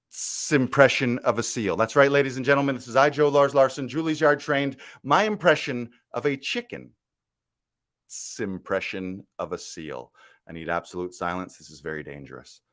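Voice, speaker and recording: A man playing a mock-grandiose showman in a deadpan comic bit, boasting about his training. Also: mid-range voice, no room sound, clean studio sound. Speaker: comedy performer.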